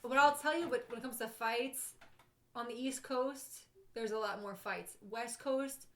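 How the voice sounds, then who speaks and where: A woman's voice: fairly high pitch, unhurried, fairly bright tone, reverberant. A woman bartender, a podcast guest, telling stories in casual chat. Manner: chatty storyteller.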